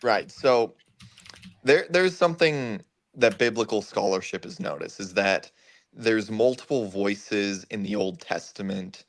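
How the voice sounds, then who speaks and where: A man on a video call explaining biblical scholarship in a measured way. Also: fairly low pitch.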